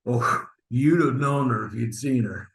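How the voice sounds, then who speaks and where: A man's voice: medium pitch, a little slow, gravelly, poor audio. A man acting an online stage scene as a flustered husband hiding an affair, stammering and sheepish as he presses his friend. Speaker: acting student. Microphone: video call.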